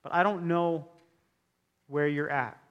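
A man's voice: on the high side, steady tone, takes it slowly, clean tone, highs cut off. Earnest male pastor in a reverberant hall. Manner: earnest, emphatic preaching with repeated key phrases. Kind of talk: sermon.

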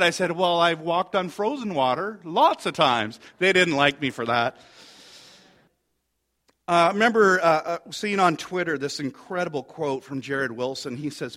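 A pastor with a high voice preaches at a moderate pace, telling the story with animation and reading scripture aloud. At times he drops into a quiet, low tone.

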